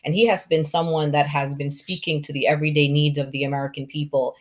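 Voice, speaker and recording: Flat-toned woman from New York introducing a speaker. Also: deep voice, quick pace. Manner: enthusiastic, flat intonation, many ums. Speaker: event host.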